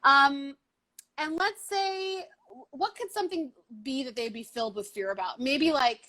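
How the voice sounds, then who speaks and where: High-voiced, enthusiastic woman host. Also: a little slow, bright, forceful tone. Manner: enthusiastic, friendly interviewer. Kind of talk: live video interview.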